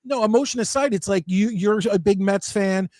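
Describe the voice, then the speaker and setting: A man hosting a live sports talk show, chatty and excited, reading viewer comments aloud. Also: high-pitched, moderate pace, no echo. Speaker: host.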